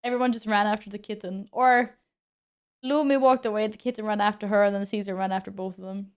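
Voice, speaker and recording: A woman's voice: medium pitch, fairly even intonation, fast, clear, resonant tone. A young woman streamer chatting casually with her viewers, laughing often and exclaiming as she comments on her cats.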